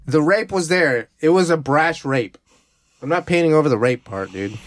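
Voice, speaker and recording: A man's voice: a little high, moderate pace, dry recording. A man co-hosting a casual comedy podcast, joking and laughing through loose banter. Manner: animated, joking, breaks into laughter. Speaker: podcast co-host.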